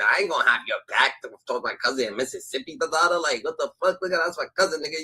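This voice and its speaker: A young man streaming a live reaction, talking loud and mocking, cursing and repeating catchphrases. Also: medium pitch, animated, fast talker, husky, low-quality recording. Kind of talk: animated live reaction commentary.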